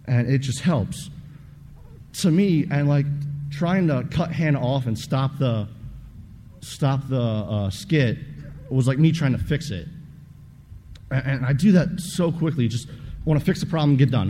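Young man, mellow casual testimony, earnest and rambling; large echoing hall, light hiss. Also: medium pitch. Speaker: mission trip participant giving testimony. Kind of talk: personal testimony talk. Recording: long reverb of a large room, faint noise.

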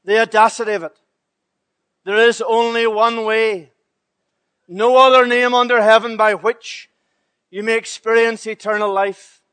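A man's voice: high-pitched, level tone, unhurried, long pauses, fairly bright tone, clear, resonant tone, dry recording. A male preacher delivering a sermon in a chapel, pressing his listeners with rhetorical questions and repeated phrases.

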